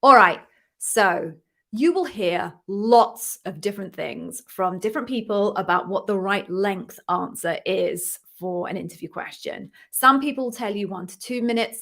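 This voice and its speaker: Chatty woman doing a live q&a, upbeat, keeps cheering ppl on, mid-pitch voice. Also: normal speed, vocal fry, a bit bright. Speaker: interview coach hosting a live Q&A. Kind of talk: live-stream Q&A chat.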